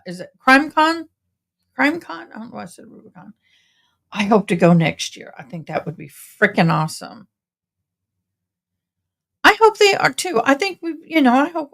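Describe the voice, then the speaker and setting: A woman's voice: mid-range voice, creaky. Woman, tired, rambling casual chat, livestream host at home. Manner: chatty, rambling, talks to viewers as y'all. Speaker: livestream host commenting on a trial.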